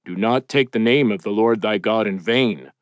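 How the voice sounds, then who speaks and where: A man voicing a measured male devil who recites old commandments. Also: fairly low pitch, no room sound, studio quality, voice pushed down, natural voice. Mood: calm. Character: calm, knowing male devil advisor.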